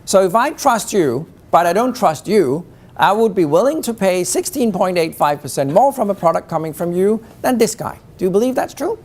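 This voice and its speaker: A man's voice: high-pitched, lively intonation, moderate pace, a little mellow. A man giving a live talk on negotiation, teasing the audience with rhetorical questions. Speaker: keynote speaker on negotiation.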